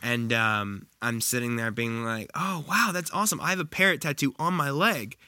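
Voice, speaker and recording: A man telling a story in casual podcast chat, animated and quick to mimic voices. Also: mid-range voice, no room sound, clean studio sound.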